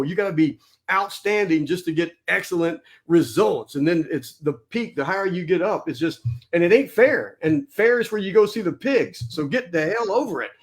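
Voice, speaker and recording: Blunt, preachy man giving motivational talk. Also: sits high.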